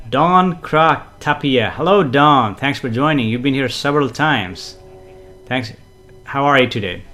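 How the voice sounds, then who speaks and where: A man hosting a casual live stream, greeting viewers and reading their comments, chatty and gently explanatory with frequent fillers and soft chuckles. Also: medium pitch, expressive, takes it slowly, faint music behind. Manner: gently explanatory, repeats himself for emphasis. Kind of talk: casual live-stream chat with spiritual teaching.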